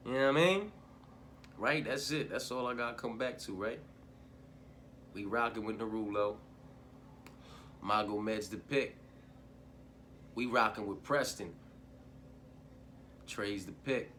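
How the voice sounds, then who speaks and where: A man hosts his own fight-picks channel in a loose, profane monologue. His voice is bright and forward, and he rambles with slang fillers and swearing. A faint hiss of background noise sits under the recording. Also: on the low side, normal speed. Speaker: host of an MMA betting picks channel. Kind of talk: casual solo picks monologue.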